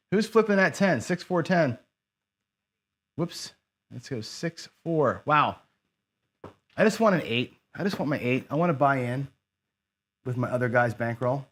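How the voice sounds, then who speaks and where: A man talking his way through a dice game on a live stream. His voice sits at an ordinary middle pitch. He mutters to himself, greets viewers in the chat and keeps up a loose running commentary. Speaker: craps streamer. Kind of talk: casual live-stream commentary while playing.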